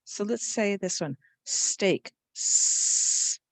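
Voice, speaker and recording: A woman's voice: fairly low pitch, lively intonation, slow pace, gravelly, dry recording, clean studio sound. A woman teaching a spelling lesson to young children, patiently sounding out letters and words.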